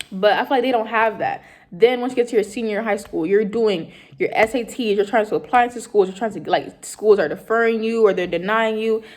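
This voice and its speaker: A young woman in college, earnestly telling a personal story in a rambling way with many fillers. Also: medium pitch. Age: young adult. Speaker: college student.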